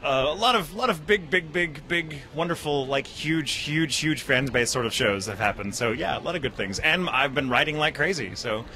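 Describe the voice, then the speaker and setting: A man who voices anime characters, chatting about his work at a convention interview, animated and quick to laugh at himself. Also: a little high. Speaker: voice actor and writer. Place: convention venue.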